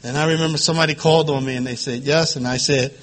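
High, bright-voiced man with a quivering voice. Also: steady tone. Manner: emotional, halting, repeats phrases, laughs between lines. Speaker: recovery meeting speaker. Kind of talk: personal testimony at a support group meeting.

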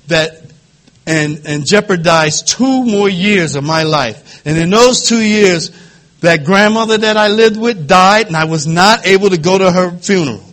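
High, bright-voiced man with a quivering voice. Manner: emotional, halting, repeats phrases, laughs between lines. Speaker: recovery meeting speaker. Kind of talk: personal testimony at a support group meeting.

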